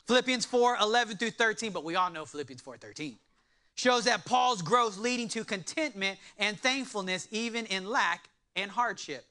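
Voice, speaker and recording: A man preaching a sermon in an animated way, with joking asides to his congregation. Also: high voice, normal speed. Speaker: pastor.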